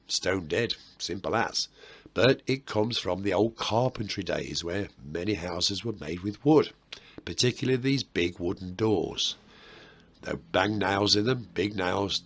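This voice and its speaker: A man with a Birmingham accent and a husky, fairly bright, lowish voice hosts a history video. Speaking to camera, he explains old sayings in a chatty, rambling way full of self-mocking asides.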